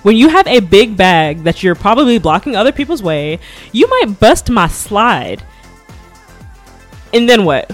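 Woman, podcast host, solo casual chat, very fast talker, awkward giggles, faint background music. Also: medium pitch, big pitch swings. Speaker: podcast host, flight attendant. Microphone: podcast mic at a laptop setup.

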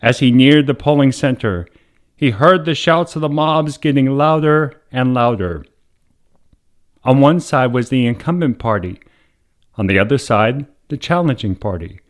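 A man, a priest and host, tells a family tale in a steady, measured way. His pitch sits in an ordinary middle range. He reads with a sense of drama and lets the story carry the tension. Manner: measured, dramatic storytelling with raised voice for quoted shouts. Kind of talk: scripted story narration.

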